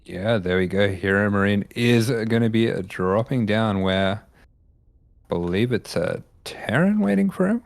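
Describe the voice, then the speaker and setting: A man casting a live esports match in a relaxed, dry and informative way. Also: on the low side, measured pace, gravelly, no echo. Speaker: esports caster. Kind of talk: casual live game commentary.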